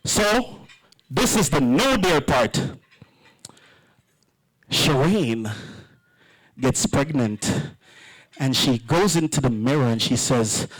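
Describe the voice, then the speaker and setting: A man's voice: medium pitch, animated, takes it slowly, long pauses, rough recording. A man emceeing a wedding reception, joking and playing with the crowd.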